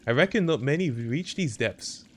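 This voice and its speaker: A man voicing a chatty wandering male map-maker from a video game, reading his lines in an unhurried put-on voice over noisy stream audio. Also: on the low side, big pitch swings. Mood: musing.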